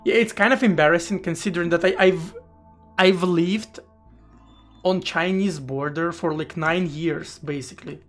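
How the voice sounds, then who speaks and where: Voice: mid-range voice, fairly even intonation, moderate pace. A streamer chatting casually during a live coding session, rambling with stammered restarts and casual swearing, faint music behind.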